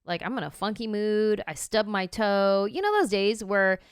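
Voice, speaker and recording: Woman, 30s, podcast host, casual animated storytelling, mid pitch, smooth voice. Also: moderate pace, no echo, studio quality. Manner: animated, acts out her own reactions.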